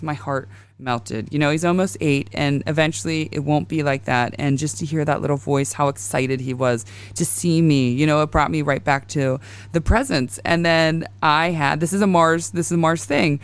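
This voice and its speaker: A woman's voice: deep voice, steady tone, moderate pace, clean tone. A woman in her thirties hosting a casual astrology podcast, rambling and confessional as she tells stories. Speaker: podcast host.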